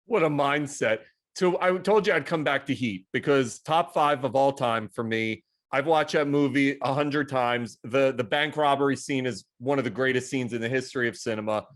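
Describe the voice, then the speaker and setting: A man's voice: mid-range voice, moderate pace. Eager, casual male interview host.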